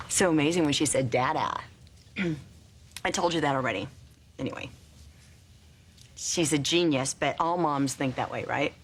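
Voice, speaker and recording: A woman's voice: sits low, a little hiss or hum. An actress playing an emotional young mother who coos over her baby daughter in a TV drama. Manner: cooing and tender, emotional. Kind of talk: TV drama acting.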